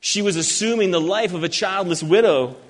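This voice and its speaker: A man preaching an expository sermon, earnest and emphatic, reading scripture slowly. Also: sits high. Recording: long hall reverb.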